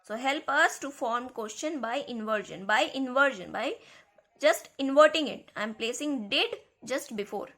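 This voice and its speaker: A woman teaching a grammar lesson to schoolchildren, speaking slowly and repeating key words. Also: sits high, fairly bright tone. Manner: slow, repeats key words, addresses kids.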